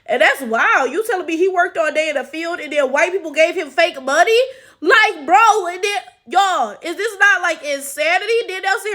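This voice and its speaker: Host type: woman with a high voice, crude, joking, rambling film reaction commentary. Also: animated, moderate pace, pushed and bright. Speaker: channel host.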